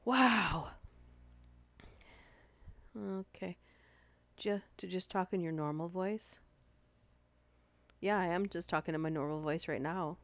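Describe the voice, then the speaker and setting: Soft-spoken woman streamer, low voice. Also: fairly even intonation, normal speed, pauses often, no echo. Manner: soft-spoken, close to the mic. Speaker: streamer reading stories. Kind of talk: reading stories aloud to live chat. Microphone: close-up microphone.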